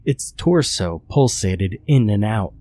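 A man narrating a horror story in a steady, measured storytelling manner. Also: on the low side.

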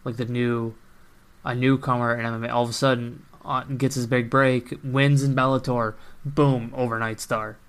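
A man's voice: medium pitch, little pitch movement, moderate pace, fairly bright tone, smooth. A man hosting a casual podcast conversation, laid-back and chiming in with short reactions.

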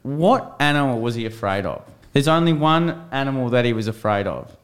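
A man's voice: mid-range voice, expressive, fairly quick. Chatty young man sharing trivia. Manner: chatty, laughs easily, shares facts. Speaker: podcast co-host. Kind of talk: casual chat.

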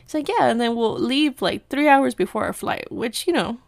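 A woman's voice: fairly high pitch, moderate pace, gravelly, dry recording, studio quality. A young woman from Mexico telling a travel story in a casual, chatty way, acting out what she and others said. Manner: chatty, animated, quotes herself and others.

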